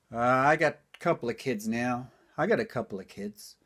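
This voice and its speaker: A man's voice: medium pitch, normal speed, hardly any pauses, fairly bright tone. An older man doing stand-up comedy, delivering one-liners in a folksy old-timer patter and repeating his punchlines.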